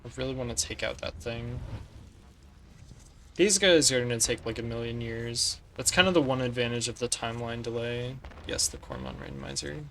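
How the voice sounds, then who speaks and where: A man's voice: mid-range voice, big pitch swings, normal speed, vocal fry, a bit bright, a little hiss or hum. A man streaming a strategy game, talking through his tactics and chatting with viewers as he plays. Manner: analytical, talks through tactics while playing; chats with viewers between moves. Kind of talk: casual gameplay commentary.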